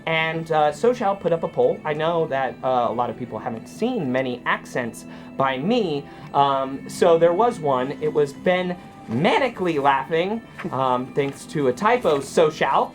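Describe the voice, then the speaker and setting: A man's voice: a little high, lively intonation, normal speed, soft background music. A man who is under the weather and stands in as host and game master of a live tabletop stream, rambling and joking at his own expense. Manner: self-deprecating, rambling, joking. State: sick with a cold.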